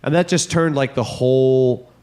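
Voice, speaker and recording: A man co-hosting a comedy podcast in a mid-pitched voice, rambling through a long story. He swears freely and keeps to casual chat throughout. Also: normal speed, a little mellow. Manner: rambling, profane storytelling, acts out his own reactions. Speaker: podcast co-host.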